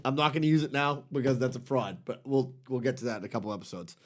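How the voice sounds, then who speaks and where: A man co-hosting a podcast in casual chat, excitable and profane, laughing often at his own stories. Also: mid-range voice, fast. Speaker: podcast co-host.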